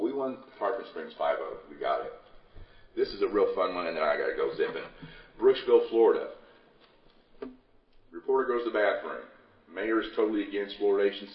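Older guy, real low voice, folksy and pushy, talking from far off in an echoey room, muffled. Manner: folksy, urgent, rallying. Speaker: conference speaker. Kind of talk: conference talk. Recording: echoey, distant, muffled hall recording.

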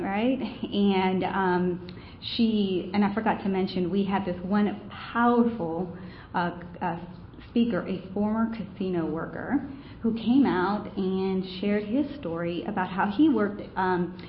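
A woman's voice: medium pitch, a little slow, slight background noise. A woman telling a campaign story during a conference presentation, chatty and full of fillers. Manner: conversational storytelling, many fillers. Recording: roomy, dull room recording.

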